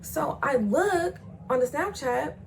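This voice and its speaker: Animated young woman telling a storytime. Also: high voice, takes it slowly, creaky, a little hiss or hum, rough recording. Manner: animated, acts out the voices of people she quotes; swears freely, slangy and chatty. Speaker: vlogger. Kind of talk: casual storytime vlog.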